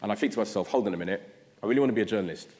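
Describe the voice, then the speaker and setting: A man from South London with a London accent, giving an address as a guest speaker. He tells his story in an animated way and acts out his own past thoughts. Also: fairly low pitch, rapid-fire. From South London, England. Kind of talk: storytelling talk. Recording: long reverb of a large hall.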